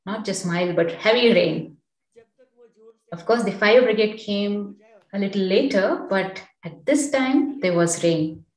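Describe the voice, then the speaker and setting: Calm, slow-spoken woman meditation teacher. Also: medium pitch. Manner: calm, unhurried storytelling. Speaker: meditation teacher and center director. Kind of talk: spiritual talk with personal stories. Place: meditation center hall. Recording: roomy sound from a distant mic.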